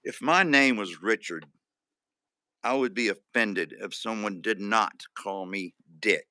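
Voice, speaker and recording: A man's voice: fairly low pitch, unhurried, sharp tone, no echo. A man hosting a live stream in casual chat, joking and reading out viewer comments. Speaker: livestream host.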